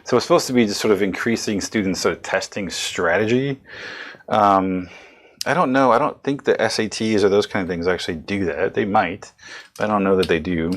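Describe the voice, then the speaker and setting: Male lecturer, low voice, rambling conversational delivery with many restarts. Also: a little fast. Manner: rambling, self-correcting, conversational. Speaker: psychology lecturer. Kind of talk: recorded lecture.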